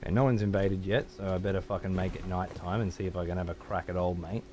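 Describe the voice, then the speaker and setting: A man's voice: sits low, steady tone, fast, darkish tone, a little hiss or hum. An Australian man streaming a game live, ranting and swearing heavily while he talks to his chat. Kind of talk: live gameplay commentary.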